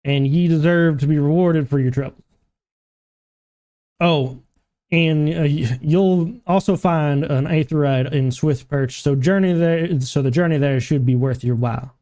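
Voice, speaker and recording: A gruff, overworked dockside foreman voiced by a man reading game lines aloud, grumbling in rough, old-fashioned dialect. His voice sits fairly high but sounds mellow and soft-edged. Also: a little slow. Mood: urgent.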